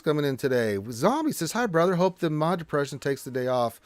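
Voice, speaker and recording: Excitable man hosting a gaming livestream. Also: fairly high pitch, a little fast, hardly any pauses, no room sound. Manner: excitable, chatty, talks to himself while playing. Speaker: livestream host. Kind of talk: casual livestream chat while gaming.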